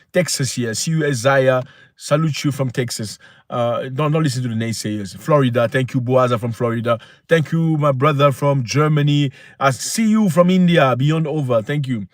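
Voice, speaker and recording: A man's voice: mid-range voice, no echo, studio quality. A man hosting a casual livestream, speaking emphatically and preaching to viewers. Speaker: livestream host.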